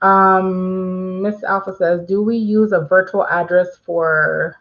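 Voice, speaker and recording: Her voice sits on the low side with fairly even intonation, and she talks slowly while the audio sounds dull. She's a woman hosting a relaxed livestream, reading viewer questions aloud and chatting, with plenty of fillers along the way.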